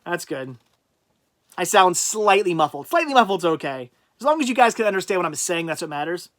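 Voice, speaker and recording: A man hosting a casual livestream, rambling and thinking out loud as he reads out and answers viewers' chat comments. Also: high voice, sing-song, brisk. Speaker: livestream host.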